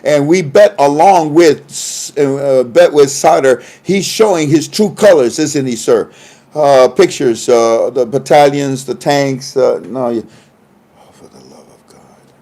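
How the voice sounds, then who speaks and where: A man with a mellow, darker voice talks through reports in a casual livestream commentary. He keeps breaking into chuckling asides, trailing off and restarting his sentences, and he records on a phone. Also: mid-range voice, slow pace. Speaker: online commentator.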